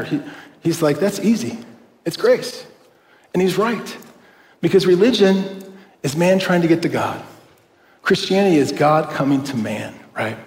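A man's voice: fairly high pitch, darkish tone. Man preaching in an echoey hall. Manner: conversational preaching with frequent "right?" asides and light laughs. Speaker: pastor. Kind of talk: sermon. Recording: echoey hall, long reverb.

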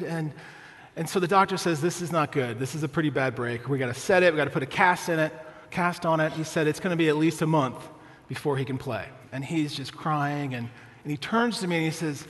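A man's voice: fairly high pitch, a bit bright, big-room sound. A male pastor preaching a sermon, telling a family story with humor and often asking the congregation "right?".

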